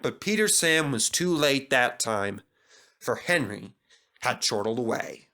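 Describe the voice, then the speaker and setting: A man reading a children's storybook aloud as narrator, in an expressive manner. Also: mid-range voice, measured pace.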